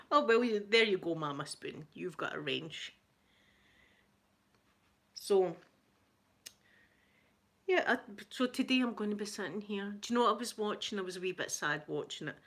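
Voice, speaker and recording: A woman's voice: medium pitch, animated, measured pace, pauses often, fairly bright tone. Scottish woman, middle-aged, live-stream host. Chatty, gossipy, giggly storyteller, close to the mic. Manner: chatty storyteller, laughs often, greets chat viewers. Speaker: ASMR livestream host. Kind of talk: casual chat to live viewers.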